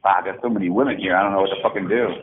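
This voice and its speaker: Racing along in a deep, steady voice, a middle-aged man leaves an angry, rambling phone message. He swears, mocks, and lurches erratically between sarcastic swings, and the tinny line carries a faint hiss.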